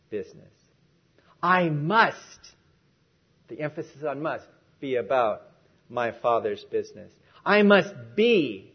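A man's voice: on the high side, breathy edge, muffled recording. A man preaching a sermon in a church, emphatic and repeating key phrases for stress.

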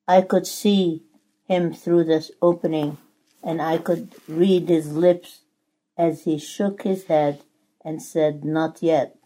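A woman's voice: low-pitched, mellow, exaggerated voice. A woman reading as a pleading clay teacup. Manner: pleading, crying out.

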